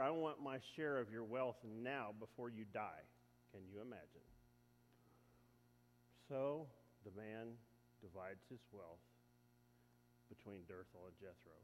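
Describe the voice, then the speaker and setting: A man preaching, retelling a story in a lively, joking way and talking to the audience. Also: medium pitch, slight background noise. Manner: lively, jokey, talks to the audience. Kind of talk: sermon storytelling. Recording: echoey hall.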